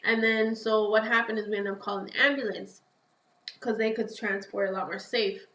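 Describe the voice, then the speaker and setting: A woman talks through a personal story in a casual, lively way. She acts out her own past lines and fills her speech with "like" and "yo". Her voice sits at an ordinary pitch and rings around a roomy, echoey space. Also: moderate pace. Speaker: podcast guest.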